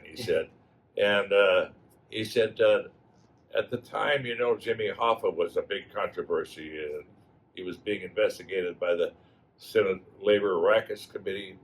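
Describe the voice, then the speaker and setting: Halting elderly man reminiscing. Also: low-pitched, a little hiss or hum, rough recording. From Wisconsin. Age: 80s. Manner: halting, many fillers and restarts. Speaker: alumnus guest. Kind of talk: reminiscing storytelling.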